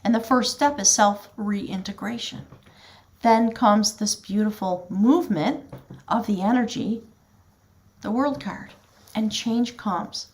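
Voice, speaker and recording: A woman gives a spiritual tarot reading, speaking earnestly and directly to the viewer in a flowing, heartfelt way, at times choked up with emotion. Her voice is mid-range and darkish, and she speaks slowly.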